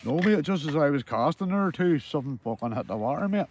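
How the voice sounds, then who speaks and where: Out by the water, a Northern Irish man livestreams his fishing trip, chatting casually with viewers, swearing freely and calling them mate. His voice is fairly high, expressive and fast, with a darkish tone.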